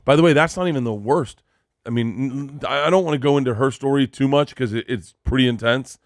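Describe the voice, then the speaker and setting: A man hosting a podcast, telling a comic story in a rambling, animated way and swearing freely. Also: medium pitch, quick pace, no room sound, clean studio sound. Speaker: podcast host. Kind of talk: casual comedic storytelling.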